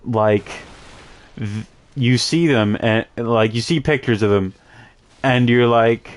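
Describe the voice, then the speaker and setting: A man's voice: medium pitch, measured pace, a little hiss or hum. A man streaming a game, chatting casually with many fillers and restarts. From Canada. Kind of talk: casual gaming chat.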